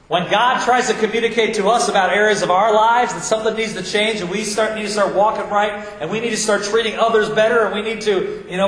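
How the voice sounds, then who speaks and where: A man preaching a sermon as pastor, animated, often acting out his listeners in a low mumble. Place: church sanctuary. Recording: echoey church hall.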